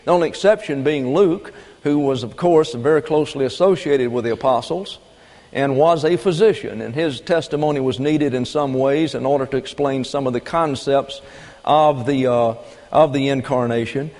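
A man's voice: mid-range voice, a little mellow. Preaching man in a reverberant hall. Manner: emphatic, slowing and rising for key points. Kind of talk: sermon.

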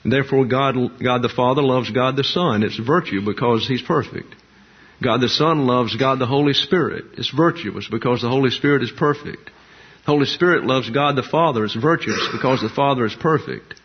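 A man preaching a doctrinal sermon in a measured, emphatic way, listing terms one by one. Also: medium pitch, husky. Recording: dull lo-fi sound.

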